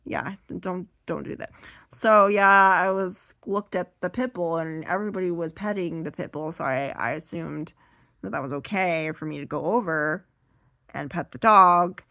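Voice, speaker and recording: A woman doing seated stand-up comedy, rambling and animated as she acts out her stories. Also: lowish voice, normal speed, dry recording.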